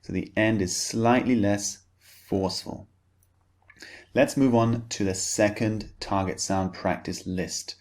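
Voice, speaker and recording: A man's voice: fairly low pitch, steady tone, a little mellow. A man teaching pronunciation, speaking carefully and enunciating each word for learners to repeat. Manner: slow, careful, clearly enunciated drills. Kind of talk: pronunciation lesson.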